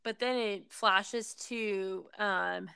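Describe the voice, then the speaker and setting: Woman chatting thru a movie plot, gravelly edge, bright clear voice, lots of likes and ums, dry room. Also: medium pitch, fairly even intonation, dry recording. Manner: rambling storytelling with many fillers; acts out characters' lines in quick voices. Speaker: person recapping a film. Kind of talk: casual chat.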